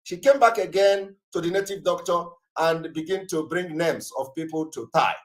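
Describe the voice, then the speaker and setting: A man's voice: fairly high pitch, normal speed. A man hosting a live call-in broadcast, emphatic and repetitive, with many fillers. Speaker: broadcast host taking callers.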